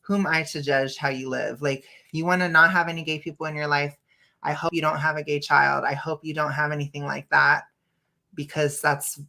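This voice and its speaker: A woman's voice: low voice, level tone, fairly quick, creaky, bright, forceful tone. A woman hosting a casual reaction stream over a video call, blunt and opinionated, often breaking into laughs. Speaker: stream host.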